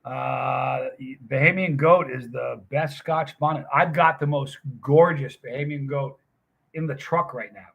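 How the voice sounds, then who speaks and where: A middle-aged man talks to his live chat in a loose, rambling way, telling stories as they come to him. His voice is husky and forceful, and he sits close to the mic. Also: mid-range voice, a little slow, dull audio. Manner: rambling storyteller, chatty. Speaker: livestream host. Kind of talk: casual chat with live viewers.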